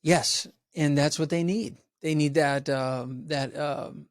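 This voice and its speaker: A man speaks as a guest educator in a lively, animated podcast talk. His voice sits a little high, and his delivery is full of energy. He keeps slipping into quoted voices, and the recording is dry and close. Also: takes it slowly, hardly any pauses, no room sound.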